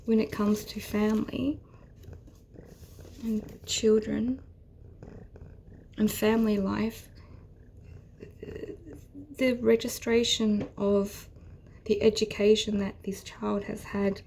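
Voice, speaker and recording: A woman giving a rambling, earnest tarot reading, often dropping into soft whispers. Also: mid-range voice, little pitch movement, slow pace, creaky, long pauses, slight background noise. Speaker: tarot reader. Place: at home with her cat.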